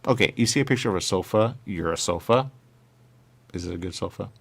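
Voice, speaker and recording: A man's voice: a little fast, creaky. A man in absurd comedic banter, arguing in goofy circles. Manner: goofy, circular arguing with big pitch jumps.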